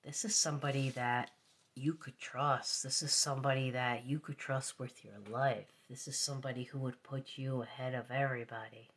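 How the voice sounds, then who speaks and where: A woman's voice: rumbling low, steady tone, moderate pace. A woman giving a live tarot reading, repeating her phrases and sometimes dropping into a whisper. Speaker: tarot reader.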